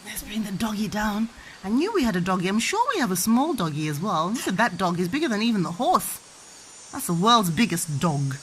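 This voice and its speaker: At a mid-range pitch and a brisk pace, a very animated woman plays with toys to teach her toddler at home. The audio is poor with slight background noise, and she coaxes with sing-song questions and acts out animal sounds.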